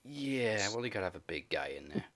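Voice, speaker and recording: A man's voice: fairly low pitch, sing-song, brisk, fairly bright tone. A man hosting a casual wrestling podcast, laughing often as he moves through the segments. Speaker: podcast host.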